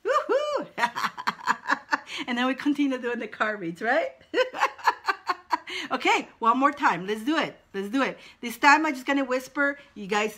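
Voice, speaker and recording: Bright-voiced woman calling out dance cues. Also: on the high side. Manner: encouraging, chanting short cues, drawn-out words. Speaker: spiritual advisor leading a wand dance. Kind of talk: guided movement instruction.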